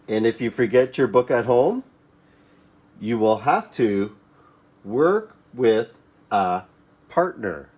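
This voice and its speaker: A man teaching a classroom English lesson to young learners, repeating simple commands slowly for them to echo. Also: mid-range voice, big pitch swings, darkish tone. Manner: slow, repeats phrases for students to echo; mimics classroom commands in a raised voice.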